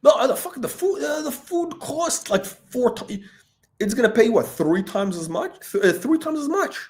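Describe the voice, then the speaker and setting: Rambling man with a lively voice. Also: very high-pitched, normal speed. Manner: meandering, profane, full of fillers and restarts; laughs between remarks, self-questioning. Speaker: watch commentator. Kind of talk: rambling casual monologue.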